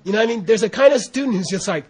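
An American man giving an informal Buddhist teaching, rambling and animated, often laughing and saying "you know". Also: high voice, very fast, breathy edge. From United States. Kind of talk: informal dharma talk.

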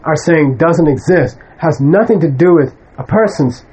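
Expressive, slightly rough, and a little mellow, this Buddhist teacher's voice runs slightly higher than usual as he lectures students conversationally. He bluntly and emphatically waves off wrong ideas, frequently tossing in a quick "okay?" to check on his listeners. The recording quality is low.

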